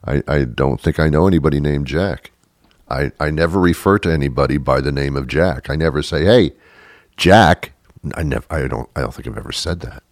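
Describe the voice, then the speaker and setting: A man hosting a comic monologue, ranting in a deadpan way with emphatic repetitions. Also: a bass voice, brisk, no room sound, studio quality. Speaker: host.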